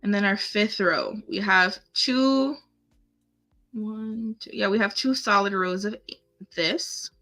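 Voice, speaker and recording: Bright, slow-talking woman crafter. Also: mid-range voice, soft background music. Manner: chatty, talks to herself and viewers while clicking. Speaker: craft tutorial host. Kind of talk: casual live tutorial. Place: home setup, live stream.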